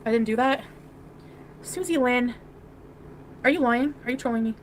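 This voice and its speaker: Woman, livestreamer, casual chat, crude, giggly, defensive, slightly high voice. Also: normal speed, a little hiss or hum.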